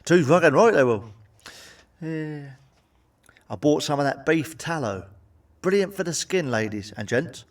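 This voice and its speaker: A middle-aged man from the north of England tells a crude stand-up routine in a slightly raised voice. He swears constantly and drops his punchlines deadpan. He sits a little back from the microphone, so he sounds somewhat distant. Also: a little high, unhurried, pauses often. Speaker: stand-up comedian.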